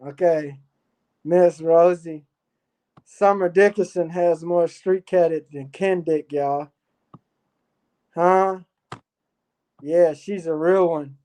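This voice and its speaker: Low-voiced, profane livestream host. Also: male voice, fairly even intonation, takes it slowly, long pauses, a little mellow. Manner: profane, rambling, laughing asides. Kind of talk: casual rambling livestream talk.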